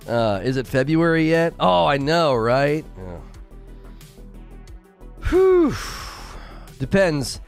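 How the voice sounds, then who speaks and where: Chatting casually on a live stream while he plays, this man rambles with many fillers and restarts, giggling and laughing at his own jokes. His voice is on the high side and creaky yet clean in tone, with lively intonation, a measured pace and hardly any pauses, set against soft background music.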